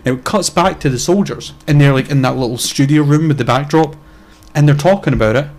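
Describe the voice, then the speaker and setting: A man's voice: a little high, a little fast, a little mellow. Heated, blunt-talking young man. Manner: blunt, heated, swears freely. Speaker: podcast co-host. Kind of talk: casual podcast chat.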